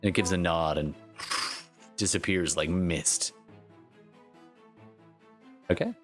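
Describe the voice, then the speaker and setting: A man acting as game master for a tabletop game, loose and rambling as he explains rules and narrates. His voice is very deep, with faint music in the background. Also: slow pace. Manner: relaxed, rambling, with frequent fillers.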